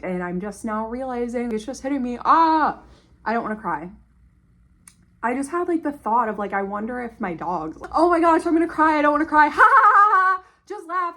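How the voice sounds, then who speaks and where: A young woman who grew up in foster care tells her own story straight to viewers, candid and emphatic, repeating words for stress. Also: medium pitch. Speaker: former foster youth telling her story.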